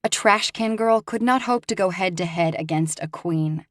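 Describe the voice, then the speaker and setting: A woman narrating a first-person romance audiobook with expressive, rising emphasis. Her voice sits on the lower side, recorded close and dry with no room sound. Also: moderate pace, no room sound.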